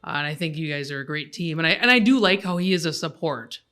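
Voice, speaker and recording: Joking podcast host, bright voice. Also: mid-range voice, expressive, quick pace, clear, resonant tone. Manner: joking, laughs while telling stories. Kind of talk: casual chat.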